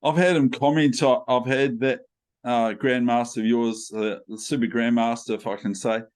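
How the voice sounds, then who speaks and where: A man's voice: mid-range voice, steady tone, normal speed, smooth. A man with a New Zealand accent interviewing a guest in a playful, chatty way, wandering into asides. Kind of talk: casual interview chat.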